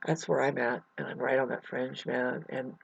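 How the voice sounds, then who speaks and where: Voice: medium pitch, steady tone, normal speed, vocal fry, slightly rough. Brief: a fragmented, restless monologue vlogger who shifts from mumbles to outbursts; dull, muffled home-mic sound. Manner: fragmented, full of restarts, swings from mumbling to loud outbursts. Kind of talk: rambling unscripted monologue. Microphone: computer mic.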